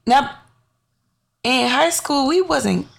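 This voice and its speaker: A young woman co-hosting a podcast, chatting casually in a relaxed, easygoing way, often trailing off softly. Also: sits high, slow, vocal fry. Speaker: podcast co-host. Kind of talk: casual chat.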